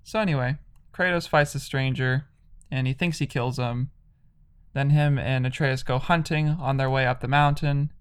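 A man's voice: medium pitch, fairly even intonation, moderate pace, smooth. A man casually retelling a video game's story, rambling with lots of "like".

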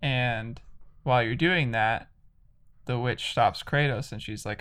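A man's voice: mid-range voice, unhurried, a bit bright, clean tone. A man casually retelling a video game's story, rambling with lots of "like".

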